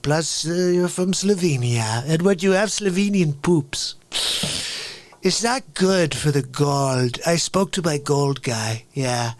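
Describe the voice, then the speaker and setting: Guy doing a pompous bragging president impression, slow and drawn out, dry close sound. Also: a little high, no room sound, natural voice. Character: boastful male president, pompous and rambling.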